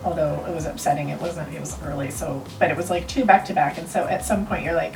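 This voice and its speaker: A middle-aged woman, a mother, telling a personal story in a halting, tearful way with many fillers. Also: low voice, steady tone. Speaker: mother of the twins. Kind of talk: emotional storytelling. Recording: slightly distant mic with faint noise.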